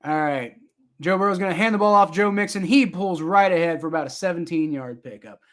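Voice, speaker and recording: Host, male, fairly high voice, rambling live sports reaction, answers chat on the fly. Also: brisk. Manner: rambling, chatty, talks back to viewer comments.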